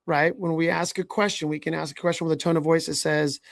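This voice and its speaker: Man, leadership coach, podcast host, gravelly voice, fairly high pitch, dry close sound, earnest advising tone. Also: level tone, fast, no room sound. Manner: earnest, advising, often asks "right?". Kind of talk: podcast conversation.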